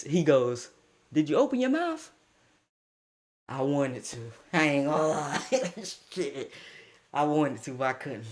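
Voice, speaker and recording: A young man tells a story in a loose, slangy way. He talks slowly and lets his words drag. He is animated and keeps slipping in laughing asides. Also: on the high side. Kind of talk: casual storytime.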